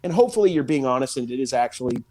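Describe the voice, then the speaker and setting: A man's voice: mid-range voice, lively intonation, racing, warm tone. A man co-hosting a podcast about reselling, talking in a laid-back casual way. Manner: laid-back, says dude a lot. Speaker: podcast co-host and online reseller. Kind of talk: casual chat.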